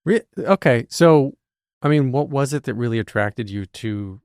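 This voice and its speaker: Male podcast host, mid-pitched, dry close sound, playful and joking in conversation. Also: animated, normal speed, darkish tone, smooth, no room sound. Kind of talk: casual interview chat.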